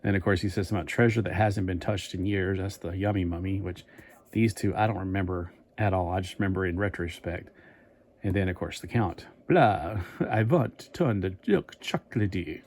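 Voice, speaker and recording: Man, low voice, casual toy review vlog, rambling, chatty. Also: flat delivery, brisk, a little mellow, slight background noise. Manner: rambling, chatty, thinking aloud.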